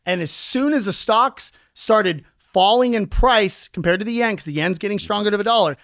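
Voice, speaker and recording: A man with a high speaking voice, interviewed as a crypto investor on a podcast. He talks with energy and explains markets through everyday analogies. The recording is dry and close. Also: dry recording. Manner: energetic, explains with homely analogies, acts out quick quoted voices.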